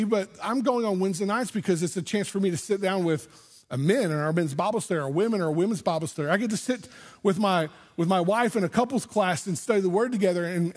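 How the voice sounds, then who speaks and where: A man with a husky, fairly high voice preaches to his congregation. He tells the story with animated energy, slipping into imagined voices to bring the scene to life. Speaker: pastor. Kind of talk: sermon. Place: church sanctuary.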